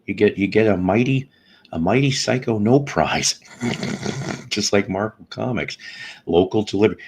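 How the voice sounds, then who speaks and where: A man's voice: deep voice, slightly rough. A man hosting a live stream, chatting loosely and greeting viewers by name in a meandering, chuckling way. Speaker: podcast host. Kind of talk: rambling live-stream chat.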